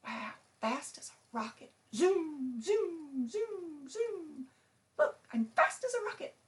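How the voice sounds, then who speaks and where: A woman voicing an excitable, childlike bird puppet who talks eagerly in exclamations and keeps interrupting. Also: high voice, slow, voice pushed up, exaggerated voice. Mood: playful.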